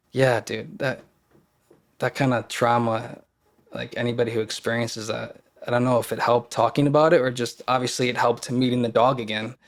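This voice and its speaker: Male podcast guest, mid-pitched, earnest and emotional as he tells his story. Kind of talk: casual storytelling.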